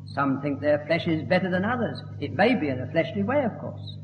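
Man, preaching, emphatic and fervent, fairly high voice, echoey hall, dull lo-fi recording. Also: sing-song, a little fast, few pauses, slight background noise. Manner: emphatic, rising to fervent declamation. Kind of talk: sermon.

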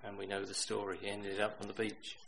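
A middle-aged man preaching a sermon, telling stories that swing from loud emphatic bursts to hushed quiet lines. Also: on the low side, monotone, a little fast, gravelly, a little hiss or hum, rough recording.

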